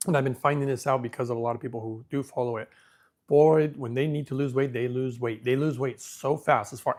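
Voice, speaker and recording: A man hosting a casual live question-and-answer stream, thinking aloud as he reads from the screen and talking with easy self-assurance. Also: medium pitch. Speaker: livestream host answering viewer questions.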